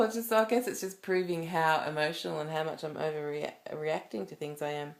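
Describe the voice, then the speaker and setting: A vlogger talks to camera in a low, steady voice with vocal fry, moving at a brisk pace. She tells a personal story in a rambling, emotional way, restarting often.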